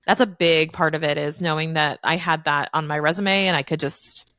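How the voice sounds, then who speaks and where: A woman's voice: deep voice, steady tone, moderate pace, a bit bright, no echo. A woman guest on a podcast, telling her story in a frank, candid way, swearing freely and acting out quoted voices. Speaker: podcast guest, accountant and business owner. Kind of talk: casual storytelling interview.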